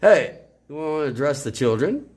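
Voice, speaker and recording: A man's voice: a little high, very animated, moderate pace, a little mellow. A man rambling in a casual monologue as a self-styled father of all creation, erratic and profane with sudden outbursts.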